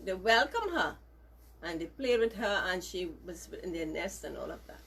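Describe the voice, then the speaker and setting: A woman telling a story to children, gentle and emphatic, with lots of repetition. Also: mid-range voice, animated, normal speed, slightly rough.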